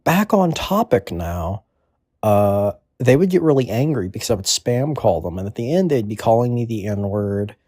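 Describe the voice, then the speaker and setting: A man's voice: on the low side, big pitch swings, moderate pace, mellow, dry recording, clean studio sound. A man in his twenties delivering a crude comedic monologue in a rambling, offhand way. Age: 20s. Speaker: comedic storyteller.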